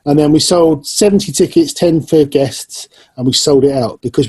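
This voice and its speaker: Brief: man, slightly high voice, mellow and husky, eager, lays out ideas step by step. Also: moderate pace. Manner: eager, explains plans step by step. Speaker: musician discussing touring. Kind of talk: casual chat.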